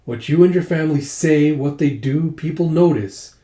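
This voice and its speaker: A man's voice: fairly high pitch, normal speed, warm tone, pitched above the performer's own voice, natural voice. A man reading aloud and voicing a stern, commanding male magistrate in a formal, declaiming manner. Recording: roomy echo.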